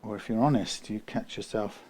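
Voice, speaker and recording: A man working as a guitar technician who muses aloud while he works, rambling and often trailing off into quiet muttering. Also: lowish voice, normal speed.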